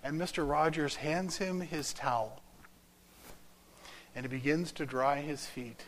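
A man preaching a sermon through a story, rising loud and then dropping to a whisper. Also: on the high side, steady tone, measured pace, slight background noise, poor audio. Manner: dramatic, swinging from loud to whispered.

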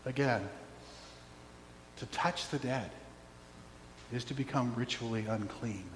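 A man's voice: mid-range voice, slow. A man preaching a sermon, telling a story and acting out the voices in it, with wry asides. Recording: roomy hall with long echo, faint hum.

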